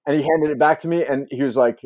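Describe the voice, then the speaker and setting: A man's voice: fairly high pitch, steady tone, quick pace, darkish tone. A man in casual chat with friends, laid-back, often repeating himself and dropping yep and dude.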